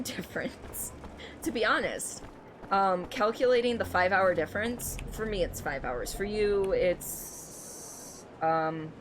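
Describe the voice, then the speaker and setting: A woman's voice: mid-range voice, background noise. A young adult woman from Michigan, streaming a game and chatting casually with her viewers, laughing often. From Michigan, United States. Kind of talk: casual gameplay stream chat.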